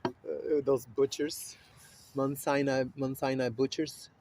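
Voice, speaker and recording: A man speaking in a loose, rambling monologue with a steady stream of fillers and swearing. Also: medium pitch, slow pace, gravelly. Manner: rambling, profane, with frequent fillers and laughs. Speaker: vlogger. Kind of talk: casual monologue.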